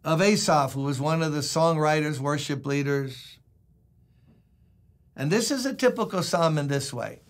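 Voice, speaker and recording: An older man preaching a casual devotional, his voice gravelly and pitched a little high. He drifts into folksy stories and reads scripture aloud between them. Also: unhurried. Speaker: pastor. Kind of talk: conversational devotional sermon.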